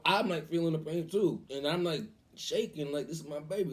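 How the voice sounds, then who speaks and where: A man casually telling a story on his vlog, animated and acting out the voices of people in it. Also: a little high, a little fast, few pauses. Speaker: cooking vlogger.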